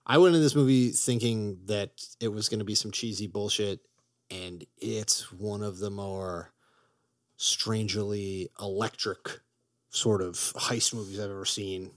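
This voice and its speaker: A man co-hosting a casual podcast, talking about films with enthusiasm, rambling and swearing casually. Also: medium pitch. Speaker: podcast co-host. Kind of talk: casual movie chat.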